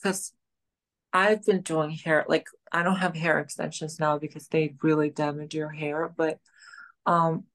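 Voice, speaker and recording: A podcast guest from the country of Georgia, in her late 20s, talks in a low-pitched, fairly bright voice with a level tone, a little slowly. Chatting casually, she rambles and uses plenty of fillers.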